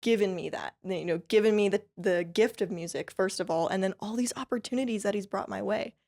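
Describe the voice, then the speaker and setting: A woman from California chats as a podcast guest, recounting her musical journey in a casual, upbeat way. She laughs often and fills her sentences with "like" and "you know". Her voice sits at an ordinary middle pitch. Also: fairly quick, vocal fry. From California, USA. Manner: chatty and upbeat, laughs often between phrases; tells stories lively, with many fillers like "like" and "you know". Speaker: podcast guest, country fiddle player. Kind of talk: casual interview storytelling.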